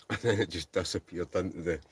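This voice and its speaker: A Scottish man with a low, deep voice chats easily through a livestream, reading out comments and laughing as he goes. He speaks from inside a tent, relaxed and talkative. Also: normal speed, slightly rough. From Scotland. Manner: chatty, laughs often, reads viewer comments aloud. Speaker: livestream host. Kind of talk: casual live chat reading comments.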